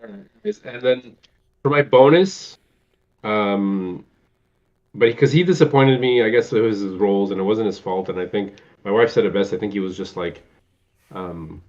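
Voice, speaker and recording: A man's voice: fairly low pitch, expressive, normal speed, darkish tone. A man in casual chat, rambling and searching for names as he retells film scenes. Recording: muffled lo-fi recording.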